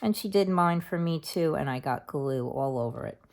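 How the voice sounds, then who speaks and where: A middle-aged woman hosts a craft channel tutorial, chatting casually and thinking aloud as she works at her craft table. She's chatty and unhurried. Her voice sits low and is animated, gravelly and a little mellow.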